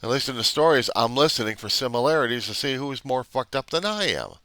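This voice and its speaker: A very animated man with a medium-pitched, sharp voice talks at a quick pace, with no echo. As a recovery video diarist, he delivers an unscripted confessional monologue to the camera. He speaks bluntly and profanely, rambling as he questions himself.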